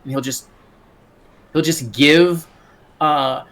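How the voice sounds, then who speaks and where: A player at a tabletop game, casual, deadpan and joking, swearing often. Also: mid-range voice, takes it slowly.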